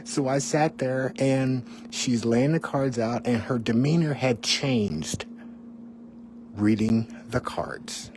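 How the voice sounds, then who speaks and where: A man's voice: mid-range voice, takes it slowly, darkish tone, a little hiss or hum. A middle-aged man, a former TV weatherman, tells his own life story in a candid, conversational way, with asides to the listener. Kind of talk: personal storytelling.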